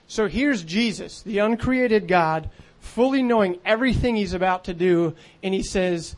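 A man's voice: high-pitched, normal speed. A man preaching a sermon in an earnest, conversational way, with frequent fillers.

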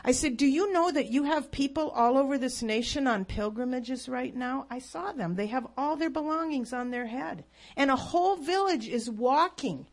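A woman's voice: high-pitched, lively intonation, moderate pace. A woman telling a faith story as a sermon, earnest and emphatic. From United States. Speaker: speaker.

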